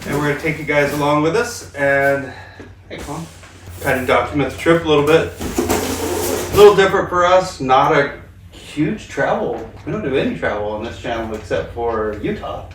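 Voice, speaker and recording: In a garage or home room, a channel host with a slightly high voice chats casually at a normal speed, joking and making offhand remarks while assembling something for a home project video. The room is echoey, the mic distant, and the audio noisy.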